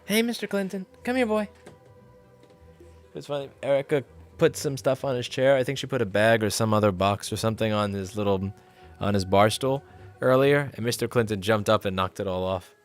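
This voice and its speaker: A man's voice: on the low side, steady tone, a little fast, faint music behind. A man chatting casually on a livestream in a rambling way, reading chat and cooing at his cat.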